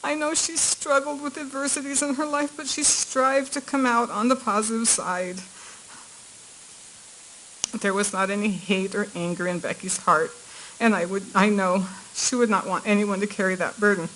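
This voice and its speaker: A woman's voice: mid-range voice, steady tone, fairly bright tone, slight background noise, low-quality recording. Earnest middle-aged woman reading a court statement. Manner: earnest, measured, grief held back. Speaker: victim's aunt giving a statement.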